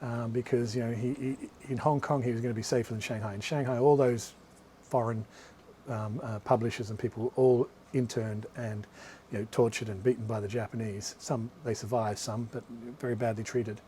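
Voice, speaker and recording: A man with a medium-pitched, mellow voice and fairly even intonation talks briskly over a little hiss or hum. He's an author giving a live talk about his books to a small bookshop audience, rambling through anecdotes with frequent restarts and asides.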